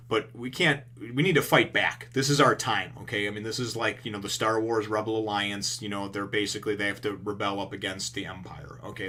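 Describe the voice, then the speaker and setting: A man voicing a gruff, protective middle-aged village man who speaks urgently in a casual retelling. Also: lowish voice, bright, forceful tone. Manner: urgent, rallying.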